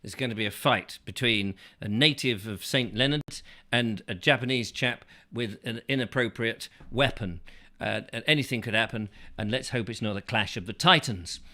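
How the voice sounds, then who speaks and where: Bright English host, rambles with jokey asides. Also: male voice, medium pitch, normal speed. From England. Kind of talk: casual chat.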